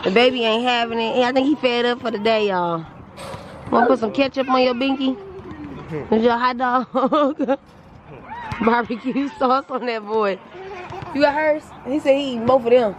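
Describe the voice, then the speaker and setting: A woman's voice: fairly high pitch, moderate pace, a crowd in the background, low-quality recording. A young woman, chatting casually in a laid-back way as she vlogs her family day. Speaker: family vlogger, mother. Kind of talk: casual family vlog chat. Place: outdoors at a park.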